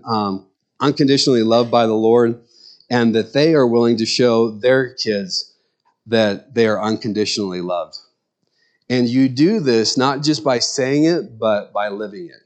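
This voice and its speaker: Speaking at a medium pitch, a middle-aged pastor delivers a sermon in an earnest, conversational style, weaving in personal stories.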